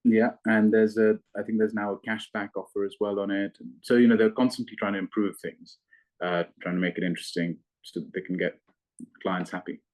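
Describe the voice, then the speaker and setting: A man working as a fund manager, explaining investments in a measured, analytical way with frequent restarts. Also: lowish voice, fairly even intonation, darkish tone. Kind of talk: investment interview.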